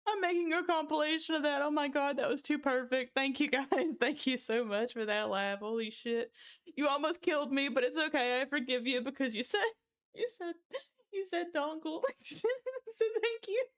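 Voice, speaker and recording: A woman's voice: sits high, moderate pace. A woman livestreamer chatting casually, reading chat jokes aloud with frequent giggles and short exclaimed protests.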